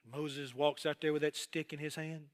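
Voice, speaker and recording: A middle-aged man preaching a sermon as pastor, animated, acting out voices and quotes as he goes. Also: a little high, normal speed. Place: worship hall.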